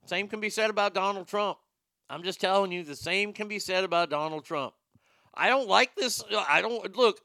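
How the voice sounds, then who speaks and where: A man hosting his own show, ranting about politics with sarcasm and frequent swearing. His voice sits fairly high, with a gravelly rasp and a bright, sharp edge. The sound is dry and close. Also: moderate pace, dry recording. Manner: profane, sarcastic, boastful. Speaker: show host.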